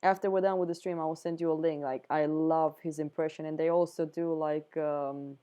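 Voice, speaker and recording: A woman's voice: low voice, steady tone, brisk, warm tone. A woman hosting a casual art livestream, chatty and giggly, often trailing off mid-sentence. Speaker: livestream host. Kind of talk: casual chat.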